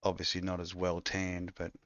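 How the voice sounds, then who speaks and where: Co-host: man, very low voice, rambling and crude, dry lo-fi sound. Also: monotone, normal speed, a bit bright, no echo. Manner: rambling, crude, laid-back. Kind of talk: casual chat.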